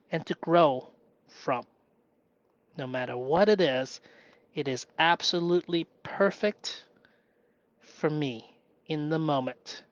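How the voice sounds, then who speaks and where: Slow, musing man thinking aloud. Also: a little high, no room sound, muffled recording. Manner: slow and musing, with sudden bursts of excited cheering; thinks aloud with pauses, fillers and restarts. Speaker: live streamer. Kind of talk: reflective solo live-stream monologue.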